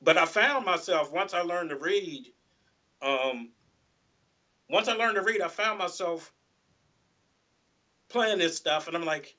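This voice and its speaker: Man, guitarist guest, casual interview talk, rambling with lots of "you know", higher bright voice, dull lo-fi sound. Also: slow, long pauses.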